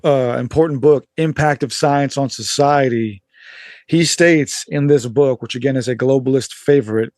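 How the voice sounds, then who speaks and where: A man's voice: mid-range voice, moderate pace, a little mellow, no room sound, clean studio sound. A man as a podcast guest, explaining at length in a laid-back way, with casual swearing.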